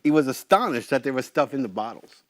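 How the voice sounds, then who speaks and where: A middle-aged man as an interview guest, telling casual stories in an animated way, swearing freely and acting out what others said. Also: medium pitch, fast, dry recording, clean studio sound. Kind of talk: casual storytelling.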